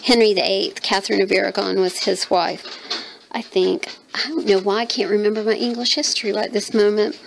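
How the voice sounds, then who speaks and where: A woman's voice: medium pitch, little pitch movement, brisk, creaky, noisy background. A woman in her fifties from North Carolina with a Southern accent, chatting and rambling as she shows off a handmade art journal, thinking aloud with lots of fillers. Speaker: mixed media artist showing her handmade journal. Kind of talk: casual show-and-tell chat.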